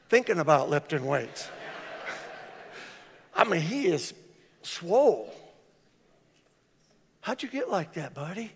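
A slightly high voice moves at a slow pace with frequent pauses as an older pastor preaches in a church sanctuary, recorded with hall reverb. He's animated and humorous, telling stories and acting out the voices of their characters.

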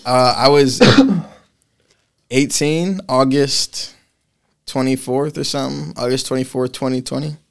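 A man's voice: medium pitch, fairly even intonation, slow pace, vocal fry, long pauses. A man in his twenties from Massachusetts, a podcast guest talking in a rambling, casual way, full of restarts. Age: 20s. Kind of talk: casual chat.

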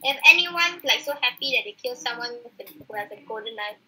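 A high, very bright voice of a woman gamer, talking casually through a match. She grumbles about teammates and slips into playful, mock-formal phrasing. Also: lively intonation, a little fast, low-quality recording. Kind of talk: casual gaming chat.

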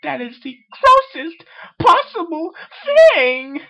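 A man voicing a prissy, theatrical female pony in a shrill falsetto. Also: very animated, slow, creaky, sharp tone, exaggerated voice. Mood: fussy dramatic. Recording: muffled amateur home recording.

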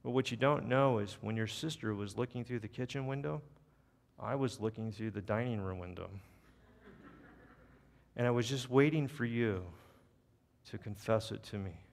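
A man voicing a calm, kindly old grandmother, in a reverberant church. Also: lowish voice, normal speed, vocal fry, long pauses, voice pushed down. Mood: gentle. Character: gentle knowing old grandmother. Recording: long church reverb, faint music.

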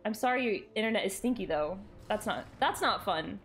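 A young woman streaming a game, chatting casually and excitably with her chat, giggling often. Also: mid-range voice, brisk.

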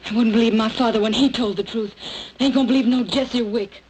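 Cast a woman as a resentful young girl, quick and curt, faint hiss. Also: mid-range voice, darkish tone, natural voice, low-quality recording. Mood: bitter. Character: bitter young Southern woman, distrustful. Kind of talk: 1940s film acting.

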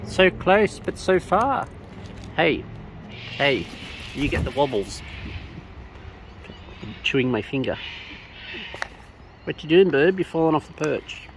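Outdoors, a woman feeds wild cockatoos and chats to them in playful, teasing baby talk. Her voice is low with lively intonation, and she takes it slowly, pausing often. The noisy outdoor recording carries bird calls and ambient sound.

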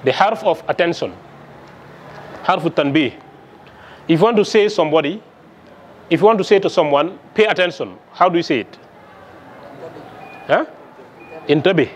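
A man's voice: fairly high pitch, expressive, a little fast, pauses often, slight background noise. A man lecturing on Arabic to a class, asking the students questions and checking their understanding with frequent "okay?" along the way. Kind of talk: classroom lesson.

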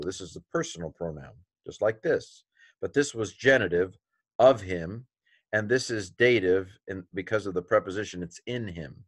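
A man's voice: fairly low pitch, animated, moderate pace, dry recording. A man teaching a Greek lesson, thinking aloud with fillers and self-corrections as he names the letters one by one.

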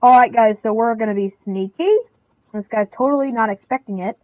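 A woman's voice: a little high, a little fast, no room sound, highs cut off. A young woman commentating her own online game, crying out in panic and repeating short phrases over and over. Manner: excitable, squealing and crying out in panic. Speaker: gameplay commentator. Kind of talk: excitable live game commentary.

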